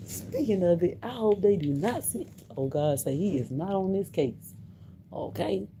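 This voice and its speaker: Slow-talking woman telling a story. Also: on the low side, lively intonation, warm tone, a little hiss or hum. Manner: emphatic, repeats herself, laughs between lines. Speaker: livestreamer. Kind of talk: casual livestream storytelling.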